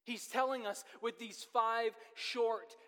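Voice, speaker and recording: A pastor preaching a sermon, telling a personal story in earnest, with his pace speeding up and slowing down. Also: very high voice, steady tone, pushed and bright, smooth. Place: church sanctuary. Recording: long reverb of a church hall.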